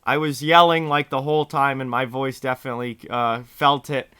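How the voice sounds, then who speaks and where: A man hosting a hockey picks show in a casual, chatty way, talking straight to viewers, his voice hoarse from yelling. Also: medium pitch, level tone, moderate pace, no echo, studio quality. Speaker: sports picks show host.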